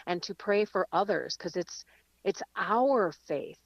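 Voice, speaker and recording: A woman guest calling in to a radio show from her car, telling a lively story and laughing easily. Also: fairly low pitch, a little slow, no room sound, dull audio. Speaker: guest speaker. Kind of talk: live radio chat and reflection. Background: rain.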